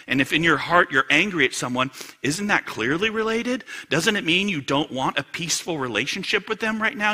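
Animated, bright-voiced male preacher. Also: fairly high pitch, slightly rough. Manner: animated, rhetorical questions, swings from loud to hushed. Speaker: pastor. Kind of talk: sermon.

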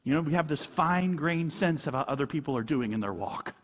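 A man's voice: a little high, animated, a little fast, long reverb tail. A man preaching a conversational sermon as a pastor, asking rhetorical questions and chuckling often.

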